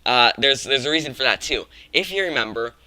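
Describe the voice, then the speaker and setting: A man with a strikingly bright, forward voice hosts a casual game-theory vlog. He talks in a loose, rambling way, often stopping to restart or fix his words. The sound is close and completely dry. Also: medium pitch, expressive, a little fast, no room sound, poor audio. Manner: rambling, frequent self-corrections and restarts. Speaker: gaming channel host.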